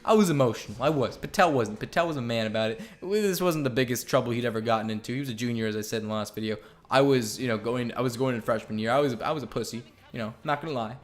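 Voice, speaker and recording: A man's voice: mid-range voice, quick pace, hardly any pauses. A young man telling a story in a casual vlog, candid and rambling, with lots of swearing and filler words. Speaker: vlogger.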